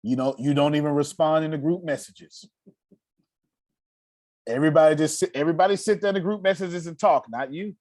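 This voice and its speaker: A man's voice: a little high, brisk, a little mellow, no room sound, clean studio sound. A man coaching a group over a video call, blunt and profane, with emphatic delivery. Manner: blunt, profane, emphatic, acts out quoted voices. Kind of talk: motivational coaching talk.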